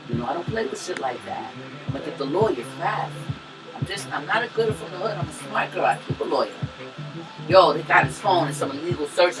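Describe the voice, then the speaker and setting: Brash cursing woman telling a story on a podcast, sounds far from the mic. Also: sits low. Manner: brash, profane, swings from loud to hushed. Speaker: podcast co-host. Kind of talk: animated storytelling. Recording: distant mic with music behind.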